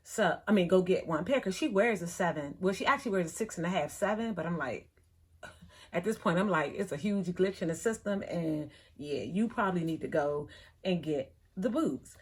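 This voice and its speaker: A middle-aged woman, telling a story in a chatty, animated way, acting out the other people in it. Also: lowish voice, moderate pace, breathy edge. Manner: chatty, animated retelling with quoted voices. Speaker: thrift vlogger. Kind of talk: casual storytelling vlog.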